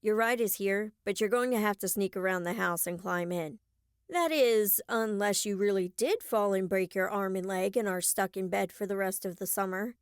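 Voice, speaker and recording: A woman's voice: medium pitch, moderate pace, clean tone, no echo, clean studio sound, voice pushed down, natural voice. A woman voicing an amused adult man speaking on the phone in an audiobook. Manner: wry, amused.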